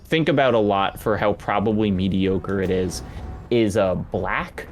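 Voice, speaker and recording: A man's voice: lowish voice, unhurried, soft background music. A man casually chatting about video games as a guest, thinking aloud with many restarts. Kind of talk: casual gameplay commentary.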